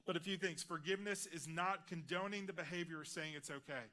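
A man delivers a heartfelt sermon in a church, telling his own story. His voice is bright and forceful and sits slightly high for a man. He drops to a hush on the lines he wants to land. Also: fairly even intonation, a little fast. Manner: earnest, personal testimony, drops quiet on key lines. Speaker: guest preacher. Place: large church auditorium.

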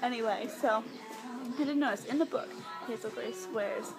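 A young woman chatting in a rambling, giggly, excitable way as she vlogs on her phone while walking through stores. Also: fairly high pitch, normal speed, over music, low-quality recording. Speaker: vlogger. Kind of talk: casual vlog chat. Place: inside stores and a mall. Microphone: phone held while filming.

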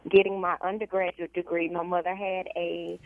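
A woman's voice: on the low side, little pitch movement, normal speed, no echo. Earnest woman on a tinny phone line. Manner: earnest, with frequent um fillers. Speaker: guest, caregiving business owner. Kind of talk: phone-in interview. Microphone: telephone.

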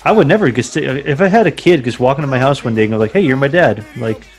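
A man's voice: mid-range voice, lively intonation, quick pace, soft background music. A young man co-hosting a crude movie commentary podcast, wisecracking, laughing often and stammering. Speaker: podcast co-host.

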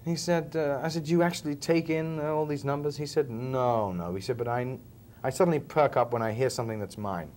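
A man's voice: medium pitch, fairly quick, darkish tone, a little hiss or hum. A man, telling stories as a film actor being interviewed, chatty and chuckling now and then. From England, Liverpool. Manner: chatty storyteller, often chuckling. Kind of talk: relaxed interview chat.

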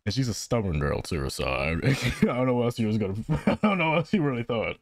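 A young man giving playful gameplay commentary, reacting out loud and giggling as he plays. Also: mid-range voice, big pitch swings, brisk, dry recording. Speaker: gaming channel host.

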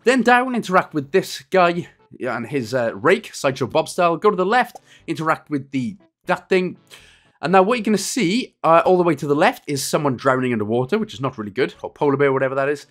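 A man in his thirties narrating a game walkthrough in a casual, rambling, joking way, his voice going a little hoarse. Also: a little high, big pitch swings, a little fast, a bit bright. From Wales. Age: 30s. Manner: jokey, rambling, self-deprecating asides. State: losing his voice a bit. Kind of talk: casual gameplay walkthrough commentary.

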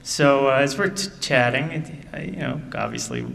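A middle-aged man, an author speaking at a book event, reading aloud in measured tones and then telling a casual story full of fillers. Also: mid-range voice, gravelly, fairly bright tone. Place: theater stage. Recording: distant mic in a reverberant theater hall.

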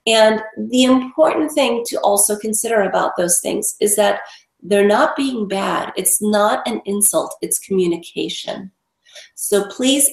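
A woman's voice: medium pitch, measured pace, vocal fry. A woman dog trainer, a guest in an interview, explaining emphatically and repeating words for stress. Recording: echoey room.

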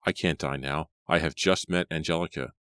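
A man voicing an earnest, nervous young male gentleman with a trembling voice in an audiobook. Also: rumbling low, normal speed, no room sound. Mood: frightened.

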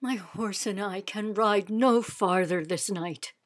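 A woman's voice: mid-range voice, takes it slowly, lightly acted. A woman voicing an exhausted young male messenger who delivers an urgent warning.

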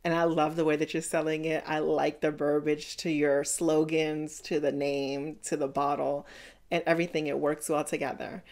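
Woman, lower voice, sassy reaction commentary, blunt critiques, calls people honey and baby. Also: level tone, moderate pace, darkish tone. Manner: sassy, talks straight to the contestants with "honey" and "baby". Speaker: reaction channel host.

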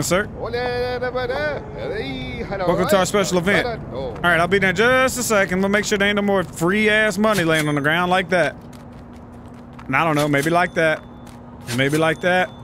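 A man's voice: high-pitched, moderate pace, pauses often, noisy background. A young adult American man giving profane, joking commentary as he plays a video game and reads game text aloud. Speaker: gaming YouTuber.

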